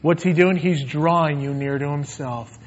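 Male preacher, slightly high voice, earnest, drops to a near hush, dull lo-fi church recording. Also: moderate pace. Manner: earnest, swings between emphatic and hushed. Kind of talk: sermon and closing prayer. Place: church sanctuary.

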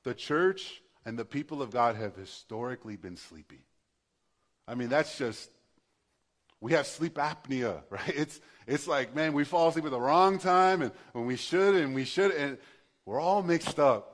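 A man's voice: mid-range voice, unhurried. A male pastor preaching a sermon in a conversational, passionate way, building to emphatic bursts.

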